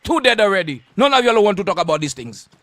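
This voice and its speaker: A man's voice: sits high, very animated, fast, a bit bright, no echo. A man with a Saint Lucian accent, a radio host delivering a confrontational on-air rant full of insults and repeated warnings.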